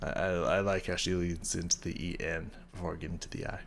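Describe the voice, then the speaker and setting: A gravelly, low-pitched man with a flat, brisk delivery hosts a music reaction channel. He reacts to a song casually and takes it apart, rambling eagerly while humming parts of the melody and swearing without a second thought.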